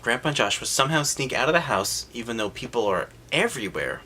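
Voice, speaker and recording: A man giving a sarcastic, animated comedic recap of a movie, mocking the scenes and popping into quick silly voices for the characters. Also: mid-range voice, a little hiss or hum.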